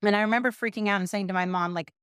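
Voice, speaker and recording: Rapid-fire and smooth, this middle-aged woman from Pasadena, California talks in a mid-range voice as a podcast guest and business owner. She tells her story chattily and self-deprecatingly, with lively quoted asides, in studio-quality audio without echo.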